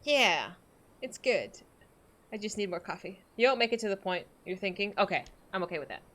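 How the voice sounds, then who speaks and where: A woman's voice: mid-range voice, lively intonation, brisk, a bit bright. A woman streaming a game, chatting casually and giggling with her viewers. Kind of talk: casual live-stream chat.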